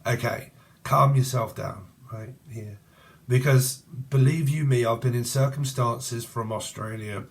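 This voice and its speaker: A man's voice: medium pitch, a little slow, gravelly. Blunt, foul-mouthed tarot man. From England. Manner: swears freely and rambles, chatty and blunt. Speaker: tarot reader. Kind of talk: casual tarot reading to camera.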